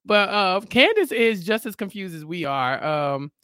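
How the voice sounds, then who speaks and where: Woman podcast cohost, lively up and down voice, dry close mic. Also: mid-range voice, a little slow, clean tone, no echo. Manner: animated, laughing, acts out quotes. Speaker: podcast co-host. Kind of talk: casual TV recap chat.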